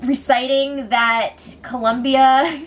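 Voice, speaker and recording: A high-voiced woman running through a casual reality show recap. She talks with a sarcastic edge, laughs often and mocks the people she quotes. Faint noise sits under her voice. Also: fairly even intonation, takes it slowly.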